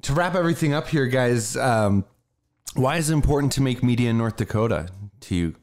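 A man hosting a panel, asking questions in a relaxed conversational way. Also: medium pitch, fairly quick. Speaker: host. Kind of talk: interview questions.

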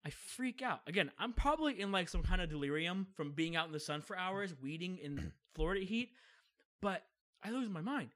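A young man telling funny family stories in casual chat, animated and often acting out what people said. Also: sits high, normal speed. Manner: animated, acts out quoted voices, laughs often.

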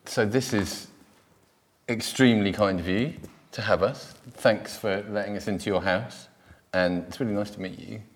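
A man's voice: lowish voice, fairly even intonation, normal speed, a little hiss or hum. A man hosting a podcast, reading a scripted intro and then putting wry, joking questions to a guest. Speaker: podcast host.

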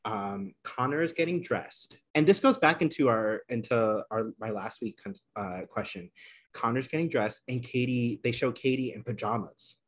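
A man co-hosting a casual podcast, recapping a reality show in an animated, filler-heavy way. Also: medium pitch, moderate pace. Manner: animated storytelling, many fillers. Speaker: podcast co-host.

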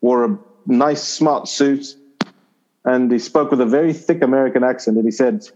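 A middle-aged man from Zimbabwe recounts a personal story as an interview guest, meandering through it with ums and restarts. His pitch sits in an ordinary middle range. The audio is slightly dull and lo-fi. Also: normal speed, a little mellow. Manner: rambling anecdotal, with fillers and restarts. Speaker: interview guest, former cricketer. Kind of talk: conversational storytelling.

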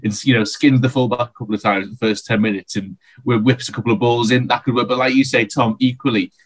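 Quick-talking man in football chat. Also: mid-range voice, steady tone. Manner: quick, rambling, many restarts. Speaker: podcast co-host. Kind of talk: casual football podcast chat.

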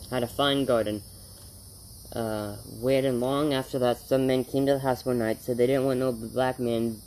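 A weary drifter, hungry and grateful, answers in humble rural talk, read by a man. His voice sits at an ordinary middle pitch for a storybook reading. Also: a little mellow, slight background noise, lightly acted, low-quality recording. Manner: folksy rural speech, eager and polite.

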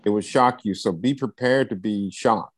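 A life coach in a coaching-session interview encourages his client in a preacher-like way, often checking in with "right?". His voice is on the low side at a normal speed, recorded dry.

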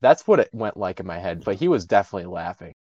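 This young podcast co-host has a low voice and talks fast as he tells a story in casual chat. Animated, he acts out the voices of each person in the tale. The recording is dry with a lo-fi sound.

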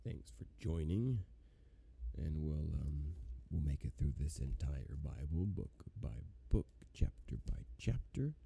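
Very deep, gravelly male scripture reader. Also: very animated, mellow. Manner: measured, solemn reading. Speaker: Bible reader. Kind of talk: scripture reading aloud.

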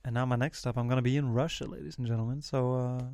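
A man's voice: mid-range voice, fairly even intonation, fast talker, darkish tone, no room sound, clean studio sound. A man hosting an improvised comedy sketch, flustered and stammering, often breaking into laughter. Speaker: host of a comedy bit.

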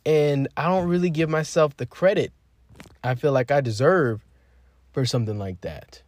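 A man in his twenties telling his own story on a podcast in a rambling, candid way, swearing freely and swinging from quiet to emphatic. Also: on the high side, moderate pace, dry recording. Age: 20s. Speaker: podcast host. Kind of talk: casual personal storytelling.

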